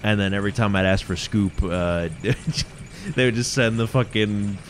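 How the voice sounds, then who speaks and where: A low-voiced man chats over a friend's game, teasing him and offering unwanted advice with plenty of swearing. His delivery is casual and joking. Faint room noise sits under his voice. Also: moderate pace. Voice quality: teasing backseat commentator, swears often. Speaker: gaming channel co-host. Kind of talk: casual gameplay commentary.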